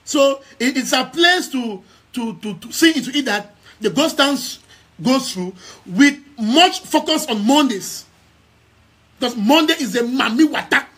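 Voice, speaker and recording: An activist and news outlet head from Southern Cameroons, this young man talks to his live-stream followers with a Cameroonian English accent. His very high-pitched voice is expressive, unhurried, fairly bright and slightly rough. He speaks emphatically, repeats key phrases, and often stammers and starts over.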